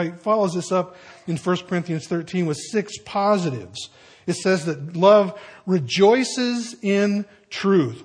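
Older male pastor, husky voice pitched a bit high, folksy conversational sermon delivery. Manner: folksy storytelling with conversational asides.

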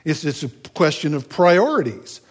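A man's voice: a little high, sing-song, moderate pace. A man preaching a sermon in a conversational, folksy way, with asides and rhetorical questions. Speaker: pastor.

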